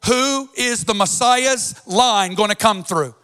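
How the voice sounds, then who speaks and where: A man preaching with a very high, bright voice. His delivery rolls in a sing-song preaching cadence, and he expounds scripture with passion. The sound is sharp and forceful. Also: slow, few pauses, clean tone. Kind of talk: sermon.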